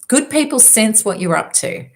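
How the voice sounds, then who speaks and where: A woman self-help speaker telling a personal story in an emphatic, lively way. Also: fairly high pitch. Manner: lively, emphatic, quick asides. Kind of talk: storytelling talk to an audience.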